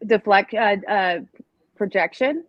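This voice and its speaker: A woman's voice: mid-range voice, expressive, slow pace, no room sound. A woman co-hosting a casual commentary show, talking emphatically and acting out how people phrase things. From United States. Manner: emphatic, acts out quoted phrasings. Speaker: co-host. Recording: dull, dry close mic.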